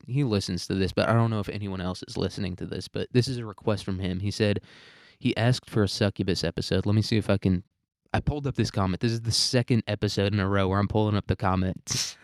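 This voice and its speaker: A man's voice: lowish voice, darkish tone, no echo, clean studio sound. A young man hosting a solo podcast, rambling and self-mocking with crude humor. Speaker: podcast host.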